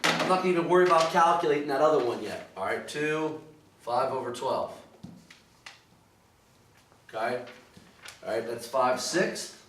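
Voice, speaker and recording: In a recorded math walkthrough, a man with a medium-pitched, slightly bright voice goes through each problem at a moderate pace, with long pauses and frequent "okay" and "all right" checks. He is far from the mic, and the room echoes with noticeable background noise.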